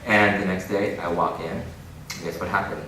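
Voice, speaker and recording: Male keynote speaker, low voice, lively storyteller, distant mic in a noisy, echoing hall. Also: normal speed. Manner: animated storytelling with frequent laughs. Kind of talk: inspirational keynote talk. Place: large conference hall.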